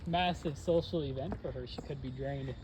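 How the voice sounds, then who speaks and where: A man's voice: medium pitch, moderate pace, darkish tone. A young man in casual chat, easygoing and teasing, laughing along with his friend.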